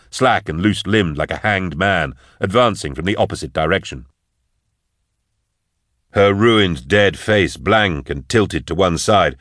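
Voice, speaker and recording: A man reading an action story aloud in steady, measured audiobook narration. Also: low voice, no echo, studio quality.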